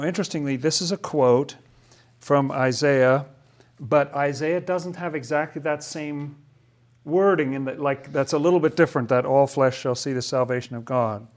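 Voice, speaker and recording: A man leading a casual Bible study, thinking aloud and asking questions about the passages. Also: on the high side.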